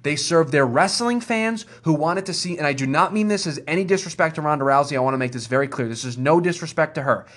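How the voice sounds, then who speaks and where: Man, podcast co-host, rapid delivery, slightly high voice, emphatic, animated, casual chat. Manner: fast, emphatic and animated, builds to ranting. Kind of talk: casual wrestling talk.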